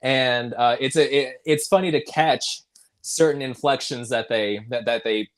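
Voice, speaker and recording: A man of middle pitch hosts a casual live interview. He hesitates and repeats words as he asks his questions, and he laughs easily. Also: a little slow. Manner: hesitant, stammering, laughs often. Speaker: host.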